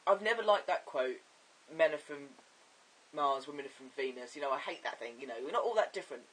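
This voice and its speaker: A man chatting in a casual video diary, his voice deepening and cracking, rambling and giggling as he talks. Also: expressive, fairly quick, a bit bright, slightly rough, recorded from a distance, poor audio. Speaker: vlogger.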